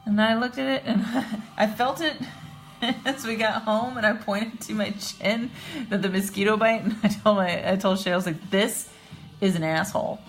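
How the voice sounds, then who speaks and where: A woman's voice: medium pitch, fairly even intonation, soft background music. A woman hosting a livestream, chatting casually and laughing while she sketches. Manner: giggly, chatty, drawn-out. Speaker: livestream host and artist.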